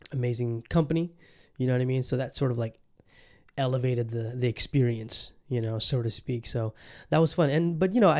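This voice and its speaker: A man's voice: medium pitch, dark tone. A young adult man hosting a podcast on his own, chatting casually in a rambling way with lots of fillers and restarts. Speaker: podcast host. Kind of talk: casual solo podcast chat.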